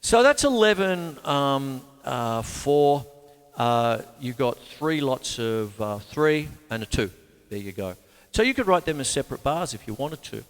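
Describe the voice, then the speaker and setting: A man with an Australian accent hosting a casual drum lesson, chatty and animated, counting beats aloud. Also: medium pitch, normal speed, long reverb tail. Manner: animated, chatty, breaks into counting and scat sounds. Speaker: drum teacher and show host. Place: home room with a couch.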